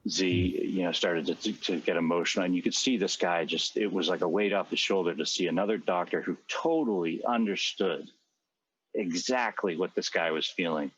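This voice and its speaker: A middle-aged podcast co-host tells a long personal story in a low-pitched, slightly bright and slightly rough voice at a moderate pace, captured with lo-fi sound. His conversational storytelling is rambling and earnest, full of fillers and restarts.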